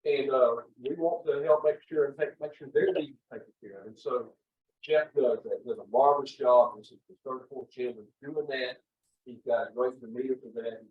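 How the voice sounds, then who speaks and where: A man's voice: medium pitch, fairly even intonation, normal speed, narrow, tinny audio. A man in his seventies leading a training session as chaplain leader, talking in a rambling, folksy way full of uh's to an audience in a meeting room. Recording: echoey room, from far off.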